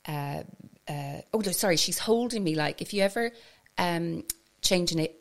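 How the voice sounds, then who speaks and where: A woman with a West Cork Irish accent, a podcast guest telling a story in a scattered, animated way and laughing as she goes. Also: lowish voice, normal speed. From Ireland, West Cork. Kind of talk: casual storytelling chat.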